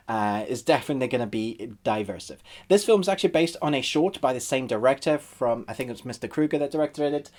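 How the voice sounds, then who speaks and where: A man's voice: mid-range voice, fast talker, hardly any pauses, a little mellow. Casting note: man, film reviewer vlog, loose chatty delivery, mid-range voice. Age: adult, married. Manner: chatty and conversational, acts out viewers' reactions. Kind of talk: casual video review.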